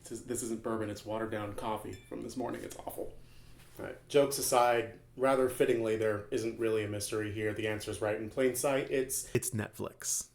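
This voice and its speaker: A man narrating a scripted comedic video essay in a dry, wry manner with jokey asides. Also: lowish voice. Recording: guitar music underneath.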